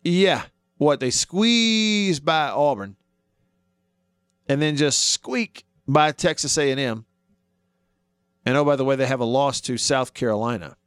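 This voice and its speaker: A man's voice: mid-range voice, measured pace, long pauses, clear, resonant tone, dry recording, clean studio sound. A man hosting a sports talk radio show, arguing his points and asking listeners questions. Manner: animated, argues with himself, asks listeners questions.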